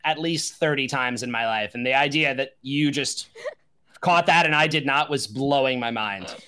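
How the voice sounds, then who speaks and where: A man's voice: medium pitch, normal speed, sharp tone, clean tone. A man from Long Island talking as a guest on a podcast, in a loose, rambling way with many restarts. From Long Island, New York. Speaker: guest musician. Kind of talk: casual podcast chat.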